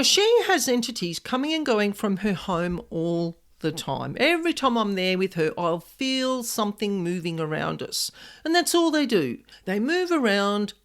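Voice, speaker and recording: A woman hosting a podcast, telling a personal paranormal experience in a casual, expressive way with many "like" fillers. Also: mid-range voice. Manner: animated, expressive, frequent "like" fillers. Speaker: podcast host, paranormal specialist. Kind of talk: casual storytelling monologue.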